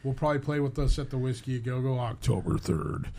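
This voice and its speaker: A man's voice: medium pitch, steady tone, fast talker, creaky, a crowd in the background. A man, a band's guitarist, talking in an easygoing, laid-back way in a casual interview.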